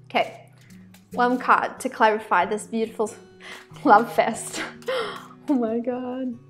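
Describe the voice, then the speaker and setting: High-pitched woman doing a gushy tarot reading, rambly, lots of "like", soft music behind. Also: slow pace. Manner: excitable, rambling, many "like" fillers. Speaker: tarot card reader. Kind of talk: chatty card reading to viewers.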